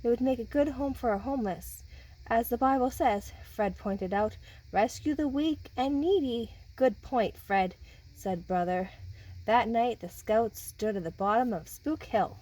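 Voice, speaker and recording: A woman's voice: fairly high pitch, unhurried, low-quality recording. A woman reading a children's picture book aloud and chatting with the kids who listen. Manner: animated, talks with listening children. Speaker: storybook reader.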